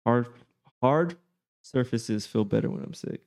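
A man's voice: mid-range voice, lively intonation, unhurried, gravelly, a little mellow. A young man in a casual chat, joking in a laid-back way and swearing.

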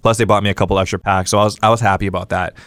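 A young man from Hawaii telling a story casually as a podcast guest, animated and full of fillers and quoted dialogue. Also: on the low side, dry recording. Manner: fast, animated, lots of fillers and acted-out quotes. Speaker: guest streamer.

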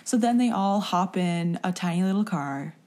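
A young woman in casual chat, recapping a movie with an animated, quick retelling and acted-out quotes. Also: on the low side. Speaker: podcast co-host.

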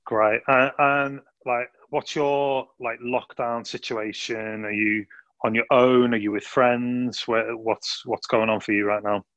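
A man's voice: mid-range voice, level tone, a little slow, fairly bright tone, dry recording, lo-fi sound. Scouse guy hosting a youth podcast, upbeat and friendly, lots of ums, dry sound. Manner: friendly, filler-heavy, upbeat. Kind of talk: casual podcast chat.

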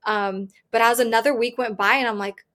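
Candid chatty woman, slightly high voice. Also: fairly even intonation, brisk, a bit bright. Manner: candid, chatty, heavy use of "like", laughs often. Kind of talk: personal storytelling in an interview.

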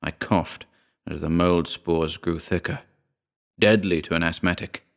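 Deep-voiced man narrating horror. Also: steady tone, vocal fry. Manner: measured, grave storytelling.

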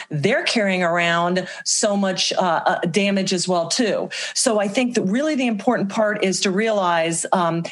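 A woman speaking as an interview guest, giving earnest, plain-spoken advice and telling stories in casual conversation. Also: medium pitch. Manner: earnest, storytelling, faith-based advice.

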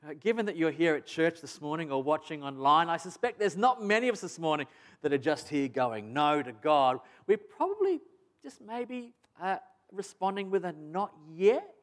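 A man's voice: fairly high pitch, very animated, normal speed. A pastor preaching a sermon to his church, earnest and emphatic, repeating phrases for stress. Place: church service.

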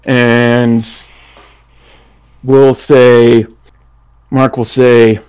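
A man playing in a tabletop role-playing game, talking in a relaxed, rambling way and laughing often. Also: medium pitch, a little slow. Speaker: player.

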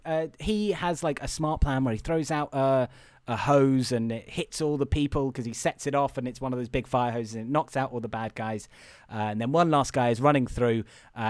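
A man co-hosting a podcast, casually recapping a movie in a rambling, animated way with impressions. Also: fairly high pitch, no echo, studio quality. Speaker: podcast co-host.

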